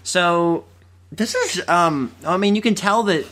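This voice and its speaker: Low-voiced woman chatting animatedly. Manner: animated, quick asides, playful. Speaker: podcast co-host. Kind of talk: casual film discussion.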